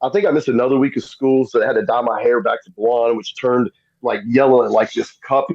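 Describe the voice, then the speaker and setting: A man's voice: mid-range voice, brisk. Guy, middle-aged, spinning a yarn on a podcast, slightly dull sound. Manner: animated, acts out quoted voices. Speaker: podcast guest. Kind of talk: casual storytelling.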